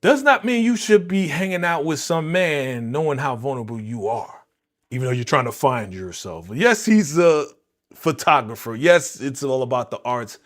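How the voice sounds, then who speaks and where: A man hosting a live movie reaction stream, talking in a slangy, animated way and exclaiming his disapproval, often repeating himself and speaking straight to his viewers. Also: medium pitch, normal speed. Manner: slangy, addresses viewers directly. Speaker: reaction channel host.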